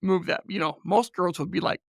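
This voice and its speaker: Gravelly-voiced man telling a story. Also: high voice, brisk, no echo, clean studio sound. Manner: animated storyteller, laughs often, acts out quotes. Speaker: podcast guest. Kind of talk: casual storytelling.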